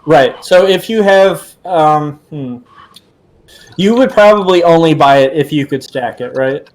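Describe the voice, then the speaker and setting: High-voiced man running a tabletop game. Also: animated, low-quality recording. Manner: casual, swears freely, fills pauses with "uh" and "um". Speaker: game master.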